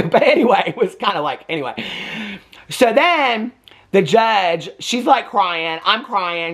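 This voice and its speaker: A male movie reviewer gives a casual, rambling recap of a film, chatty and packed with the filler "like," and he acts out the quotes. His voice is a little high with a fairly bright tone.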